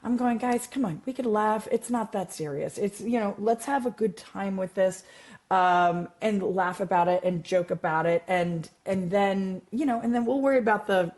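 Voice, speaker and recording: A woman math teacher speaks as a guest in a relaxed conversation. She talks in a chatty, animated way, circling back with fillers and restarts. Her voice sits at a middle pitch. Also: moderate pace. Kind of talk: casual interview chat.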